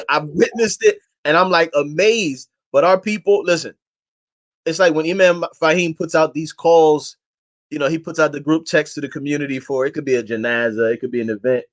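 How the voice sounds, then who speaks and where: A man's voice: on the high side, normal speed. A man talking as a guest in a casual interview, impassioned and emphatic, urging his listeners in slangy, everyday speech.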